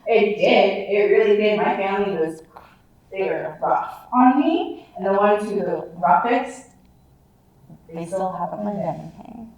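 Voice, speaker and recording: A woman's voice: medium pitch, measured pace, dull audio. Frank woman speaker in an echoey room. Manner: frank, emphatic, animated. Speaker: language team presenter. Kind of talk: public talk with audience questions. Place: museum talk room. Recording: echoey room, far from mic.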